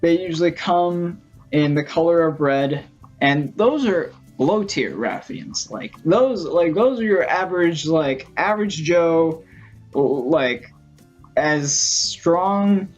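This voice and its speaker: A man vlogging in a casual storytelling style, rambling and excitable, full of fillers. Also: on the high side, takes it slowly, muffled recording, soft background music. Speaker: gaming vlogger.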